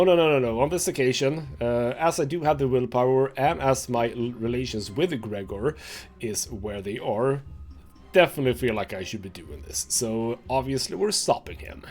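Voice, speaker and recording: A man playing a narrative game, reading its story text aloud and thinking out loud about his choices, with mild swearing. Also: mid-range voice. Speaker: gaming channel host.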